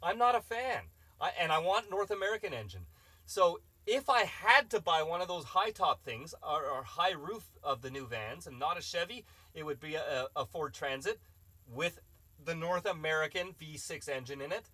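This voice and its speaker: A man's voice: fairly high pitch, lively intonation, normal speed, sharp tone, no room sound. A man hosting a live stream, reading chat questions and rambling through opinionated casual answers.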